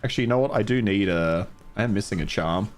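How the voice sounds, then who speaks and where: A man's voice: on the low side, fast, soft background music. Chatty streamer guy greeting viewers. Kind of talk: casual gameplay livestream.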